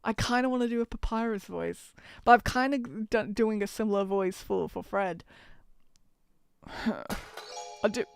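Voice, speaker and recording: A woman's voice: medium pitch, measured pace, vocal fry, long pauses, smooth, dry recording. A woman streaming a game, reading its text aloud and chatting in a giggly, self-deprecating way into a desk mic.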